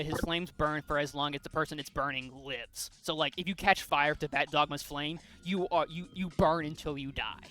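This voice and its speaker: A man's voice: on the high side, sharp tone, clean tone. A man co-hosting a podcast, casually retelling a comic's plot with many fillers and restarts. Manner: rambling with frequent fillers and restarts. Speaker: podcast co-host.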